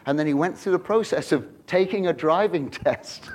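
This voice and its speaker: A middle-aged man preaching a sermon, telling stories with lively swings from hushed to shouting. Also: fairly high pitch, normal speed.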